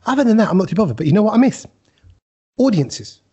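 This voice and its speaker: A man hosting a casual podcast chat, telling animated stories and putting on voices. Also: high-pitched, fast talker, breathy edge, muffled recording. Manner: animated storyteller, puts on voices in anecdotes. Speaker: podcast host.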